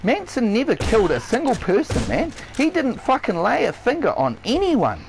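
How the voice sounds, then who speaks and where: His voice is extremely high with huge swings in pitch, gravelly, and at a moderate pace, with noise behind it. The man, who has a New Zealand accent, rants heatedly on a live game stream, swearing nonstop, shouting then going quiet, and saying the same things again.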